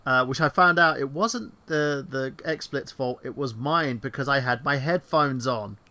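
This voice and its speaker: A man co-hosting a casual online chat show, rambling excitedly and swearing freely. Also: mid-range voice, measured pace. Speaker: podcast co-host.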